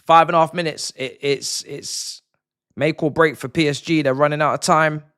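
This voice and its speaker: A young man hosting a live football watchalong stream, slangy and repetitive, swinging from hushed murmurs to excited shouting. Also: a little high, moderate pace, clean tone. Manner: slangy, repeats phrases for effect. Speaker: livestream host of a match watchalong.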